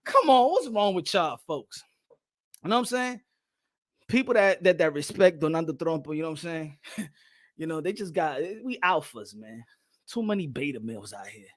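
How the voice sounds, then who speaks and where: A man's voice: a little high, lively intonation, moderate pace. A man giving a brash, profane comedic rant, mixing in Spanish. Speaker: comedic commentator.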